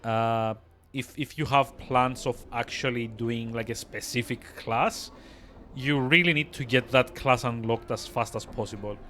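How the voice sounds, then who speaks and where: A man's voice: mid-range voice, measured pace, pushed and bright, a little hiss or hum. A man giving rambling live let's-play commentary, full of fillers. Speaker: streamer.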